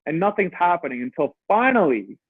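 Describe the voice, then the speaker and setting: A man telling his story as an interview guest, animated and swearing freely, acting out his own past words. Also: on the high side, fairly quick, slightly rough, dry recording. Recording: tinny phone-like line.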